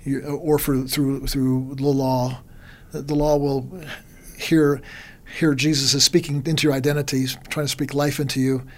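A man's voice: medium pitch, measured pace. A man in casual conversation, explaining ideas with many restarts and by quoting imagined voices. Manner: animated, quotes and acts out others' thoughts, many restarts.

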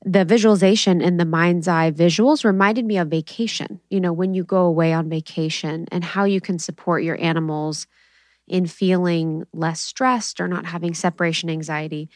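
A woman hosts a podcast in casual, chatty conversation, telling stories with animation and asking questions. Her voice sits on the lower side, and the recording is dry and close. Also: fairly even intonation, moderate pace, dry recording. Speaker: podcast host.

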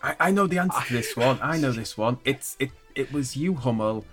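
A man's voice: medium pitch, animated, brisk, over music. A man playing a tabletop game, eager and stammering as he jumps in. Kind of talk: in-character chat.

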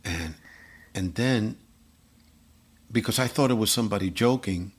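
A man from Puerto Rico, a guest musician telling animated stories in an interview, often repeating words. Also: on the low side, measured pace, slightly rough. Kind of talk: storytelling interview.

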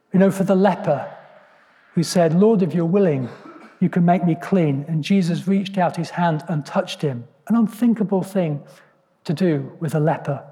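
A man delivers an earnest, reflective sermon, his voice sitting a little high but mellow in tone. He often pauses with ums and restarts phrases, and his words ring out with a long reverb like a church hall. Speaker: preacher.

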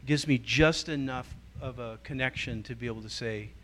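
Speaking at a moderate pace with a medium-pitched voice, a middle-aged guest teacher addresses a church group. He brings his stories to life, performing the voices he quotes and varying his delivery throughout.

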